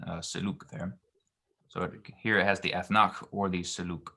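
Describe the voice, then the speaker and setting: A man teaching grammar in a very low, deep voice. He explains patiently and haltingly, with frequent ums and restarted phrases. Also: steady tone, creaky, bright, forceful tone. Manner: hesitant, many ums and restarts. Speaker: Hebrew grammar tutor.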